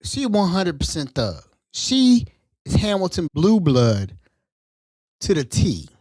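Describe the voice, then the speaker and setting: Male host, animated storyteller, swings his pitch widely, dry booth sound. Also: slow, no echo. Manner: animated, acts out quoted voices. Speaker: podcast host. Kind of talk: casual storytelling.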